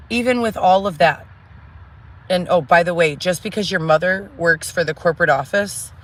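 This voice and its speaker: A woman's voice: lowish voice, a bit bright. A woman in a candid vlog monologue, talking bluntly and emphatically, swearing often, rambling from point to point and piling up lists. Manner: rambling, piles up lists and restarts. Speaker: vlogger telling personal stories.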